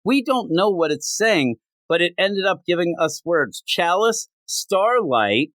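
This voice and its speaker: A man hosting a casual comic book podcast, rambling and acting out bits of dialogue in quick voices. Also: sits high, big pitch swings, fairly bright tone, no room sound. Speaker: podcast host.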